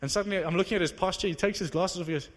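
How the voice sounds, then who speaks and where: A young man from South Africa preaching a sermon, telling a personal testimony with animated storytelling that rises into excited exclamations. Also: high-pitched, very fast. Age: young adult. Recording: reverberant hall.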